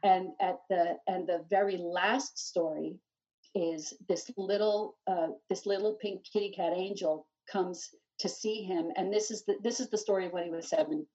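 A woman's voice: on the low side, moderate pace, dark tone. A woman guest giving an earnest personal testimony, with frequent restarts. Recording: dull, slightly distant recording.

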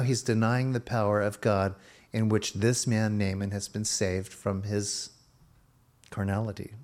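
A man with a fairly low voice preaches a sermon, walking through a Bible story and slipping into the voices of its characters. His delivery is expository and conversational. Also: a little mellow. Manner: expository preaching with acted-out quotes of Bible figures. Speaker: pastor.

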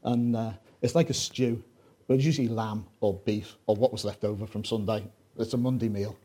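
Joking Scouse preacher with a husky voice. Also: male voice, fairly low pitch, fairly even intonation, brisk, mellow. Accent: Liverpool (Scouse). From Liverpool, England. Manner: joking, conversational, lots of asides. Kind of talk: sermon with jokes.

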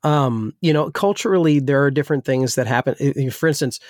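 A man's voice: medium pitch, fast talker, dry recording, clean studio sound. A man who grew up in New Jersey and now works as a pastor, talking casually and rambling with many restarts, his voice still a little weak. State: slightly weak voice. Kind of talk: casual discussion.

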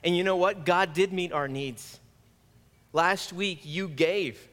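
High-voiced man preaching in a reverberant church. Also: takes it slowly, a bit bright. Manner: earnest, conversational preaching. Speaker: pastor. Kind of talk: sermon. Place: church sanctuary. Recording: long reverb of a church hall.

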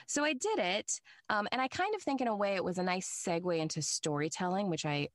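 A woman voice actor chatting as a guest in an interview, telling animated anecdotes and laughing often. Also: mid-range voice, fairly quick, hardly any pauses, no room sound, clean studio sound. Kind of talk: casual interview chat.

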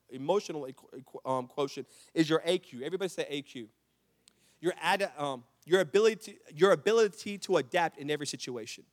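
A male pastor preaching a sermon, telling a story with many restarts and calling on the congregation to answer back. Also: a little high. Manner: preaching with rising intensity, call-and-response with the congregation.

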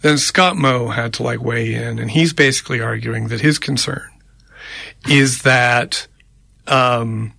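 A man talks in a loose, rambling way on a community radio show. His voice has a gravelly edge and a bright, forward tone, and the studio mic sounds close and dry, with no room echo. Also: mid-range voice, measured pace. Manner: conversational, rambling, tallies names aloud. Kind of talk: casual political chat. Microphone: studio microphone.

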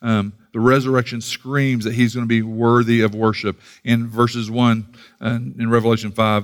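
A man's voice: medium pitch, level tone, normal speed. Earnest man preaching a sermon. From United States. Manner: earnest, repeats words when starting sentences, reads scripture aloud. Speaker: pastor.

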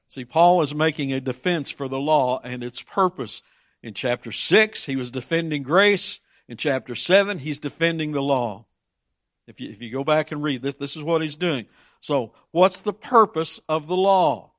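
A man's voice: a little high, animated, moderate pace, a bit bright, no echo. Emphatic preacher man, dry close sound. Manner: emphatic, repeats words in restarts. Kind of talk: sermon.

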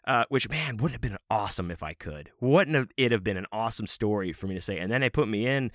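A man's voice: fairly low pitch, animated, quick pace, a bit bright, no room sound, clean studio sound. A man hosting his own show, telling a rambling, profane, self-mocking story in a casual monologue. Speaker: podcast host.

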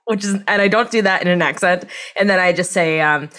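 A woman's voice: on the low side, moderate pace. A woman as a podcast guest in casual chat, trading dry jokes. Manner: jokey, deadpan quips.

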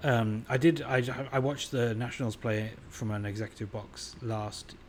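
Man, podcast co-host, casual chat, deadpan jokes, mid pitch, faint background noise. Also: moderate pace. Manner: dry, self-mocking humor.

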